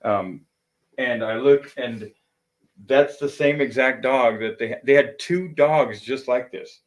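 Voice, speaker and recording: Male live streamer, casual chat, rambling, swears a lot, mid-pitched voice, lots of restarts. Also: slow, rough recording. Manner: rambling, profane storytelling with frequent restarts.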